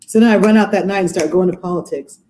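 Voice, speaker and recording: A woman in her forties, a judge, speaks over a video call from her courtroom. Her voice is warm and mellow. She tells her stories with lively energy. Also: fairly low pitch, fast talker, poor audio. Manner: animated, acts out quoted voices. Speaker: judge, interview guest. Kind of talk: casual storytelling in a podcast interview.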